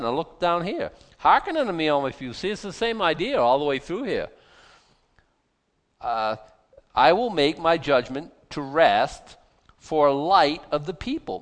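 Man, preacher, conversational Bible sermon, animated asides, stumbles and restarts, long hall reverb. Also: on the high side.

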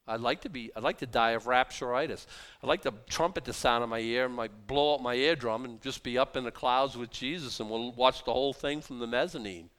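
A man preaching a sermon as pastor, animated, rising to emphatic bursts and dropping to quiet asides. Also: mid-range voice, brisk, smooth.

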